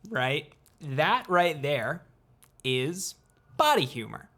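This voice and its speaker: A young man, a student video creator, explaining things in a casual vlog, playful and unhurried, with deliberate pauses. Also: mid-range voice, fairly bright tone, soft background music.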